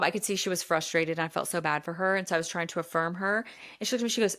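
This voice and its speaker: A woman hosting a podcast in casual chat, animated and talkative. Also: lowish voice, quick pace. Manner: animated, talkative, says "y'all". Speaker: podcast host.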